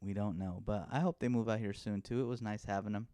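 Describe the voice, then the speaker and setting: A man's voice: fairly low pitch, fairly even intonation, quick pace, mellow, clean tone, no room sound, studio quality. A man hosting a casual podcast chat, laid-back and joking, often trailing off mid-sentence. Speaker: podcast host.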